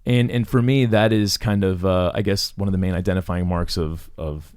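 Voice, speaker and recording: A man's voice: sits low, steady tone, normal speed, a little mellow, clean tone, no room sound. Young man chatting, lots of restarts. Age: young adult. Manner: rambling, many restarts, laughs easily. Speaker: podcast co-host. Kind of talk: casual chat.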